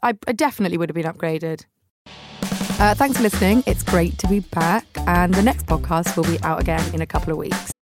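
Brief: podcast host, woman, low gravelly voice, chatty anecdotes. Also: brisk, music in the background. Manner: chatty, animated anecdotes with acted-out quotes. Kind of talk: casual storytelling monologue.

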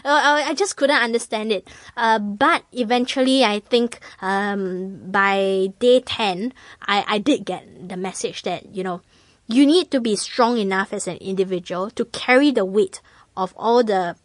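A woman's voice: medium pitch, moderate pace, no echo. A woman, chatting casually and acting out voices as she tells a story. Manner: animated storyteller, acts out voices, laughs often. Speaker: guest sharing stories. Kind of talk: casual chat.

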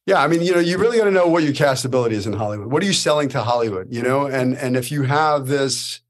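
A man's voice: medium pitch, fast, close to an everyday voice. A man hosting an interview, affirming and conversational. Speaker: podcast host.

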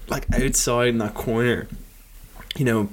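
A man's voice: medium pitch, fairly even intonation, measured pace. A man with a Dublin accent co-hosting a podcast, telling stories in a chatty way full of fillers. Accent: Irish, Dublin. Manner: chatty storyteller, lots of fillers. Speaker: podcast co-host. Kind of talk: casual chat.

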